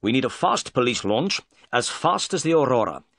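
A man voicing a confident, clever male detective who speaks in a brisk, assured way in a storybook reading. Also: medium pitch, big pitch swings, fairly bright tone, dry recording, clean studio sound.

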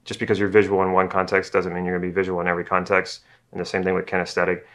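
A man with a somewhat low voice gives a relaxed video lesson on NLP. His delivery is conversational and unscripted, with restarts and repeated words. He sometimes slows right down to imitate how other people talk. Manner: casual, conversational, repeats himself as he thinks; acts out slow and fast talkers. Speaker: NLP teacher.

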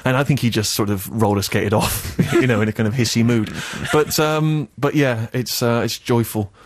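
A man hosting a comic radio show, telling anecdotes in an animated way and often laughing at himself. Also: mid-range voice, normal speed. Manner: animated storytelling, laughing at his own anecdotes. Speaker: radio host. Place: radio studio.

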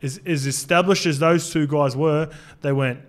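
A man's voice: fairly high pitch, steady tone, normal speed. Man telling footy stories on a podcast. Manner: agreeable storyteller, frequent restarts and fillers, occasional swearing. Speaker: former rugby league player, podcast co-host. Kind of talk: casual sports podcast chat.

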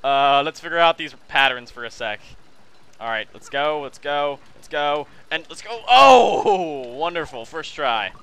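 A man's voice: a little high, moderate pace, pushed and bright, clean tone. A man giving chatty video game commentary, often calling viewers his friends and apologizing for what he says. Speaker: let's play host.

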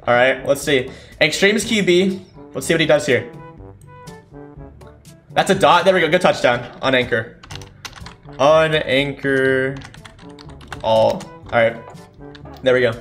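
A young man giving casual live commentary on a football game he is playing, thinking aloud and breaking into excited shouts. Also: mid-range voice, slow, long pauses, faint music behind. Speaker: gaming streamer. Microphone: desk mic without a condenser.

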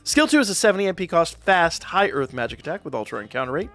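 Man, gravelly voice, chatty game review, reads stats aloud, self-correcting, faint music behind. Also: a little high, very animated, quick pace, a bit bright. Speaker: gaming YouTuber. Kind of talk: casual game unit review.

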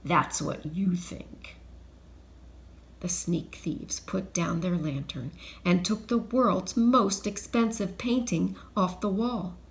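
A woman teacher reading a children's chapter book aloud, slow and expressive, dropping to hushed whispers. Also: mid-range voice, creaky.

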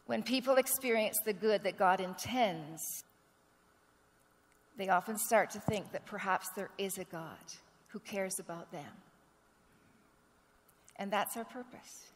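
A woman pastor delivers a sermon in a church sanctuary, her voice carrying a long, echoing reverb. She preaches with earnest storytelling at a medium pitch and stops now and then to clear a rough throat. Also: a little slow, long pauses, a little hiss or hum. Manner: earnest storytelling, acts out quoted dialogue.

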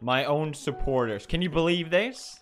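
A man giving let's play commentary while gaming, excitable, shrieking in panic and cursing. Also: a little high, moderate pace. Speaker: gaming video creator. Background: music.

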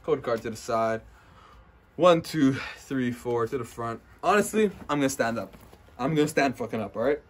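A young man vlogging as he opens trading card packs indoors at a friend's house, casual and foul-mouthed, trash-talking and bursting into loud hype. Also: medium pitch, normal speed, slight background noise. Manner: profane, brash trash-talk; excitable, swings into loud hype. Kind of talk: casual unboxing commentary.

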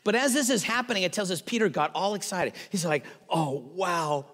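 Animated man preaching in an echoing hall. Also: high voice, fast talker. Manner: animated, acts out quotes with playful voices. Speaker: pastor. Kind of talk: sermon. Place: church sanctuary. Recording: long hall reverb.

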